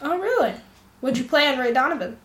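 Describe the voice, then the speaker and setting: Woman interviewer, high childlike voice, playful deadpan teasing. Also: a little fast.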